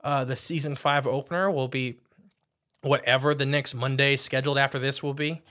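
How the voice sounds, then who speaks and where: A man's voice: mid-range voice, level tone, moderate pace, pushed and bright. A man co-hosting a paranormal podcast, chatting casually in a loose, rambling way with restarts. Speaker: podcast co-host.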